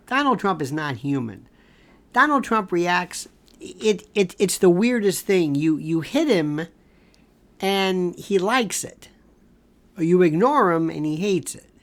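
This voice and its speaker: Older male legal commentator; lively, sarcastic solo commentary delivery. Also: high-pitched. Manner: animated, sarcastic, repeats words. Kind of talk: opinionated commentary monologue.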